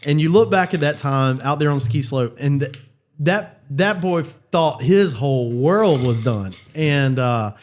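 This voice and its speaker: A man's voice: a little high, lively intonation, measured pace, slight background noise. A man, a church youth leader, telling a story casually and animatedly, with frequent fillers and laughter.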